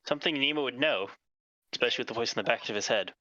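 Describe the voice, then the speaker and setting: A man's voice: mid-range voice, rapid-fire, sharp tone, no room sound, highs cut off. A man running a tabletop game as game master, describing scenes and calling for dice rolls.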